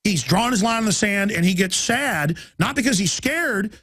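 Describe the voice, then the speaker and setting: A man hosting a radio show, delivering an urgent, agitated monologue, rapidly reading headlines aloud and rising to shouts. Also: high voice, expressive, slightly rough, dry recording. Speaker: radio host.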